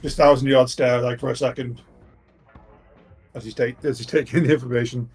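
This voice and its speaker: A man's voice: medium pitch, steady tone, brisk, a little mellow, husky, soft background music. A man playing a tabletop role-playing game, describing his character in a chatty way with laughing asides. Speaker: player. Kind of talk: casual tabletop role-play.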